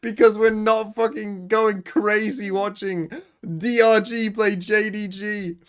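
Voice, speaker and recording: Man, sarcastic watch-party co-host, very high pitch, teasing and profane. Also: little pitch movement, slow pace, smooth. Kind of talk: casual chat.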